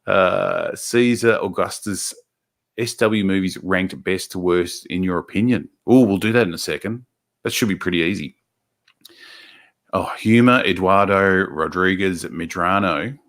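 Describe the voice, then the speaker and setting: Sex: man. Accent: Australian. Pitch: very low. Style: rambling livestream chat. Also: measured pace, fairly bright tone. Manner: rambling, swears freely, many restarts and fillers. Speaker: livestream host. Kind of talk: casual livestream chat reading viewer comments.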